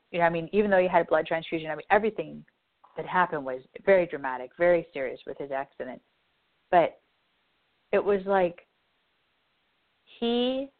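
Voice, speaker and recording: A woman radio host and spiritual advisor talking in a heartfelt, earnest way and repeating herself for emphasis. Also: on the low side. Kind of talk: emotional spiritual talk. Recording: tinny phone-like line.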